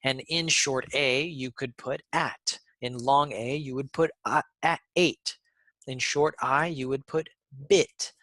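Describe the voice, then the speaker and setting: A man teaching a pronunciation lesson, speaking deliberately and repeating sounds for learners. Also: medium pitch, steady tone, bright, forceful tone, dry recording.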